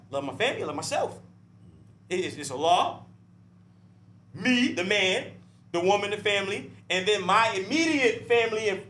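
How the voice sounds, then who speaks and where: A man's voice: sits high, fairly bright tone. A man talking as an interview guest in a heated podcast discussion, blunt, profane and preachy, often asking "right?" and "you see?" and restarting words when fired up.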